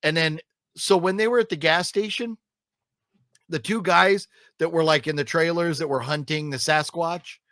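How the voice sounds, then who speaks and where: A man's voice: fairly high pitch, moderate pace, a bit bright, no echo, studio quality. A man co-hosting a casual film review chat, rambling with lots of fillers and restarts and griping emphatically. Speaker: co-host reviewing films.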